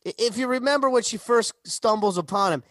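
High-voiced, eager male podcast co-host. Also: a little fast, fairly bright tone, no room sound, clean studio sound. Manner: eager, enthusiastic, stumbles over his words. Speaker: podcast co-host and quiz contestant. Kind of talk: casual podcast chat.

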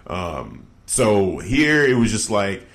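Animated man in casual chat. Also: slow, gravelly. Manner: animated, mocking retellings with pitch jumps. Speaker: podcast co-host.

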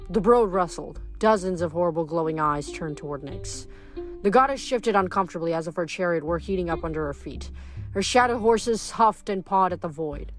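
A woman's voice: fairly low pitch, expressive, normal speed, faint music behind. A woman reading a novel aloud with expression, adding her own short comments between chapters. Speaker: reader.

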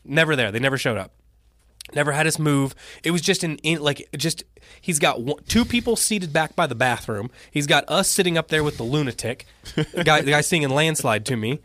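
A man's voice: fairly high pitch, a little fast, no echo. Man telling a rambling story. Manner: animated storytelling, acting out quotes. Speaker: podcast co-host. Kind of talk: casual chat.

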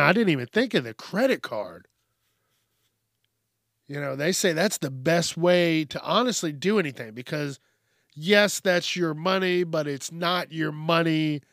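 Slow, blunt, profane man ranting. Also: on the high side, fairly bright tone, no room sound, clean studio sound. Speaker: podcast host. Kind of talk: casual solo podcast monologue.

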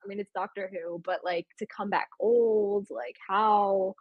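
A woman co-hosting a casual fan discussion, hedging her opinions with many fillers and soft laughs. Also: mid-range voice, fairly even intonation, a little slow, husky, no room sound, narrow, tinny audio. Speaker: podcast co-host.

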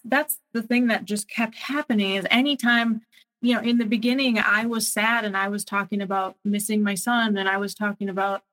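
A young adult woman telling her own story in an interview, speaking haltingly with many pauses and restarts. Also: medium pitch, fairly bright tone, poor audio. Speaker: guest sharing her story. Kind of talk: personal testimony interview.

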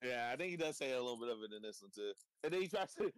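A man's voice: medium pitch, animated, fast, few pauses, smooth, no echo. A young man hosting a casual chat, laughing often, swearing freely and rambling about a cartoon episode. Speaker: podcast host.

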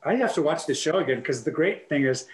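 A man chats casually along with an episode, relaxed and joking about himself. His voice rings in a roomy space, and a crowd murmurs clearly behind him. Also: fairly high pitch, quick pace. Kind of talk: casual chat while watching an episode. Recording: echoey room with crowd noise.

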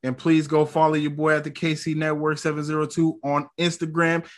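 A man's voice: on the high side, a little fast. A young man co-hosting a casual podcast, recapping a show with slang and frequent laughter. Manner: animated, laughs often, slangy. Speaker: podcast co-host.

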